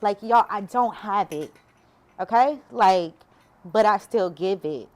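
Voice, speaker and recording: A woman's voice: mid-range voice, slow pace. Woman vlogger, heartfelt testimony, preaches as she talks. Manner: emotional, preachy, addresses viewers as y'all. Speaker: faith vlogger. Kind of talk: personal testimony talk.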